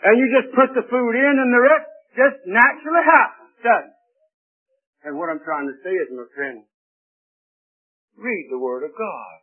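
A man's voice: high-pitched, moderate pace, pauses often. Folksy preacher man on tinny radio. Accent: American. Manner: folksy, emphatic, swings from loud to quiet. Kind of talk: sermon. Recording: tinny old radio broadcast.

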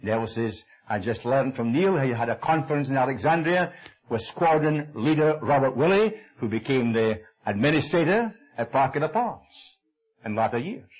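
A man's voice: normal speed, husky, muffled recording. An older man with a Scottish accent preaching a sermon, telling a wartime story and acting out the dialogue. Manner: animated storytelling, acting out dialogue with shifting pitch.

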